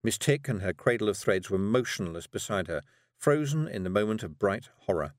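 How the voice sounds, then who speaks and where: A man reading a fantasy novel aloud as an audiobook narrator, measured and drily humorous. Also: lowish voice, animated, no room sound, studio quality.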